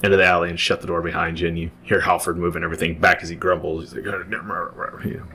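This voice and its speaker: A man's voice: low-pitched, little pitch movement, very fast, bright, forceful tone, slightly rough. A man narrating a tabletop game as game master, describing scenes at length with frequent restarts.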